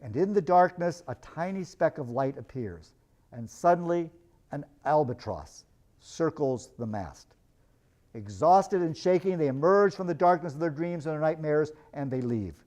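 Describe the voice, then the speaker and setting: Male lecturer, lively storyteller reading passages aloud, voice sits a little high. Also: unhurried.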